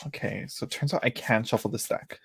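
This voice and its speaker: Heavy background noise surrounds this man's mid-range, creaky voice as he talks fairly quickly. He's running a tarot livestream indoors at home, chatting easily with viewers, laughing a lot, and muttering to himself over each card.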